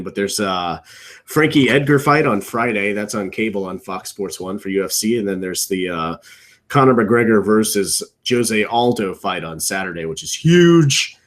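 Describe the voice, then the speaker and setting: A young man with a lowish voice talks off the cuff from his home computer, in a loose, rambling chat. He is opinionated and jumps up in pitch when something annoys him, then lets each thought sink back down and fade at its end. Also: lively intonation, moderate pace. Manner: opinionated, rambling, trailing off low at ends of thoughts. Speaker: podcast co-host. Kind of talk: casual wrestling riff commentary.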